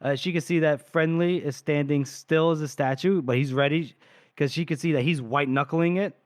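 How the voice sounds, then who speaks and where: A man's voice: fairly high pitch, steady tone, normal speed, no echo. Rambling male podcast co-host, dry sound. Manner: rambling, trails off mid-thought. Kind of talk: casual book recap.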